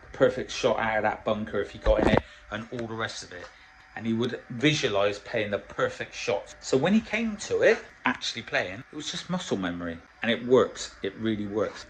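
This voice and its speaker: A man's voice: medium pitch, a little hiss or hum, poor audio. Foul-mouthed man, blunt diet coach. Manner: swears constantly, blunt and animated storytelling. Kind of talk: casual motivational vlog.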